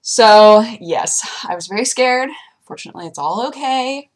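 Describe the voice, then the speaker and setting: A young woman vlogger chatting casually, telling animated stories and jumping into high squeaky voices for her pets. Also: normal speed. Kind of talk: casual chat.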